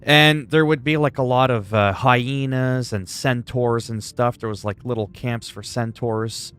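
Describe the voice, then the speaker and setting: A man's voice: mid-range voice, fairly even intonation, a little slow, fairly bright tone, smooth, soft background music. A man from Canada chatting casually with viewers while he plays a video game, rambling and greeting them by name. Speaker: livestreamer. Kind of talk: casual gameplay chat.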